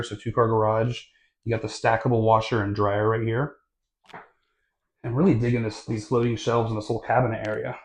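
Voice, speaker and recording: A man films a walkthrough of a new house, holding the camera himself as he moves from room to room. He talks in a relaxed, chatty way, full of fillers and little self-corrections. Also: lowish voice. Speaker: real estate vlogger. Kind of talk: casual home tour walkthrough. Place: inside a new house, walking through rooms. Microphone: handheld camera mic.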